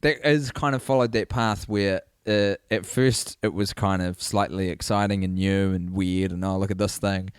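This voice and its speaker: A man's voice: deep voice, steady tone, moderate pace, hardly any pauses, clean tone, dry recording, clean studio sound. A man co-hosting a podcast in casual chat, riffing playfully in long rambling runs. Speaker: podcast co-host.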